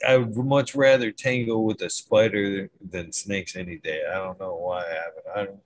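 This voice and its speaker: A man's voice: fairly low pitch, fairly even intonation, normal speed, few pauses, poor audio. A man chatting bluntly and casually, swearing now and then. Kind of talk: casual chat.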